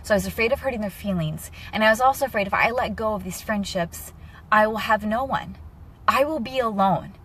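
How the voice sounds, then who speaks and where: Bright, candid young woman vlogging. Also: medium pitch, brisk, husky. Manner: candid and emotional, lively asides. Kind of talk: personal talk to camera.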